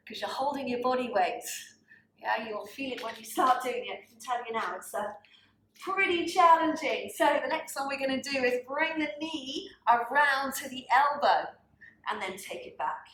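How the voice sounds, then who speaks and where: A woman's voice: fairly high pitch, fairly bright tone, reverberant, slight background noise, low-quality recording. A woman teaching a pilates class, cueing breaths and counting reps while slightly out of breath. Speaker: pilates instructor. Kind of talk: guided workout instruction.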